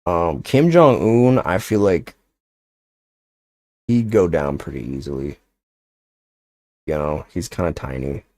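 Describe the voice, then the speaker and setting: A man's voice: rumbling low, expressive, takes it slowly, pauses often, darkish tone, no echo. A young man chatting casually on a livestream, rambling and joking with lots of filler words. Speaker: streamer.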